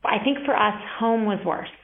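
A woman giving an earnest, reflective interview answer, speaking in a measured way. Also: fairly high pitch, creaky. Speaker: interview guest. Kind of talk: candid interview talk. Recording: band-limited phone-like sound.

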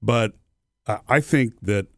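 A man co-hosting a podcast recalls details in a steady, informative way, at a middle pitch for a man. The sound is dry, close and free of echo. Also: slow. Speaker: podcast co-host. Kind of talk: casual chat.

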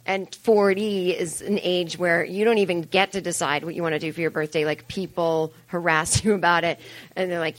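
Here a woman in her forties, who works as a comedian and podcast host, delivers live stand-up to an audience at a show venue: chatty, crude, self-mocking, and loaded with asides. Her pitch sits on the low side, her intonation stays fairly even, and her pace is normal.

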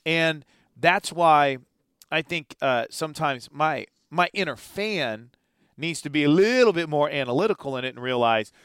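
A man's voice: fairly high pitch, expressive, moderate pace, a bit bright, clear, resonant tone, no echo, studio quality. A man co-hosting a sports talk show in casual chat, rambling and enthusiastic, acting out the people he quotes.

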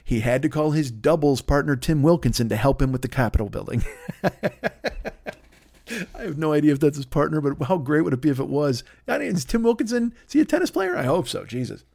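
Podcast host, man in his forties, gravelly and a bit high-pitched, sweary rambling rants. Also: sing-song, fairly quick, darkish tone, no room sound, clean studio sound. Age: 40s. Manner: profane, rambling, exasperated rant. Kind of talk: comedic monologue.

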